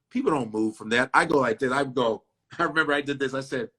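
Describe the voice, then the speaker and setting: Blunt, bright-voiced comedian. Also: male voice, medium pitch, quick pace, slightly rough. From Chicago. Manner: blunt, profane, animated storytelling that acts out other people's lines. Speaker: comedian guest. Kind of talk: casual interview chat.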